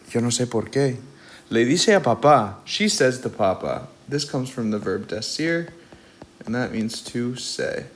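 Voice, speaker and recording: With a mid-range voice and a touch of background noise, a young man teaches Spanish by reading from a storybook and then explaining it in English. He keeps a patient, unhurried pace as he shifts between reading and explanation.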